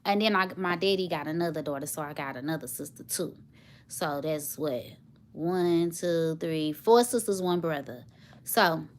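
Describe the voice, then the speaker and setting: A woman's voice: on the low side, fairly bright tone. A woman, telling a personal story to her viewers in a heartfelt, emotional way. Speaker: vlogger, single mother.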